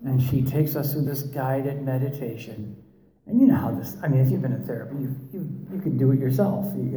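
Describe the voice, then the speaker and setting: A middle-aged man telling his recovery story to a meeting audience, with wry, self-mocking humor and halting restarts. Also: on the high side, warm tone, roomy sound, low-quality recording.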